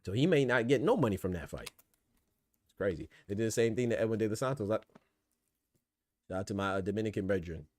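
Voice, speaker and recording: A man hosting a podcast, riffing in casual, animated commentary full of rhetorical asides and swearing. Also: on the low side, quick pace, long pauses, no echo. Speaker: podcast host. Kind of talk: casual boxing and politics commentary.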